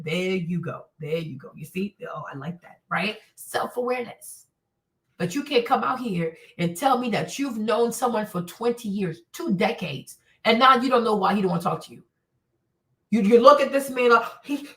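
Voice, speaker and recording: A woman with a high voice lectures and scolds in a blunt, sarcastic commentary, swearing freely. She sounds distant from the mic, and the room adds a clear echo. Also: a bit bright. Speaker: online commentator. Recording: roomy echo, voice from far off.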